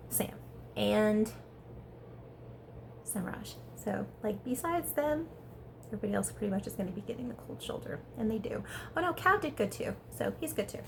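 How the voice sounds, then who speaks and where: A woman giving a casual, chatty recap of a reality show episode, talking fast and peppering her speech with "like". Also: mid-range voice, gravelly, noisy background. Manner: chatty, animated, heavy use of "like". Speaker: reality TV reviewer.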